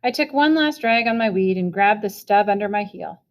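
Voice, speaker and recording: A woman's voice: mid-range voice, lively intonation, normal speed. Woman reading a novel aloud. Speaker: reader.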